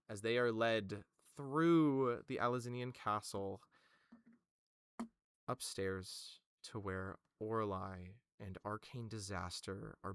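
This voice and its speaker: A man's voice: lowish voice, vocal fry, clean tone, no echo, studio quality. A man narrating a tabletop game as game master, casual and full of fillers.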